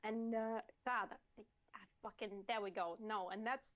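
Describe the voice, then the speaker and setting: A woman's voice: fairly high pitch, a little slow, fairly bright tone. Rambling woman who swears and laughs. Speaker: tabletop game player. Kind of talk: casual chat.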